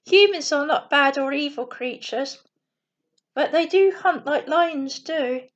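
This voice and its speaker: A woman reading a bedtime story aloud slowly and carefully, with small slips. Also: high voice, muffled recording.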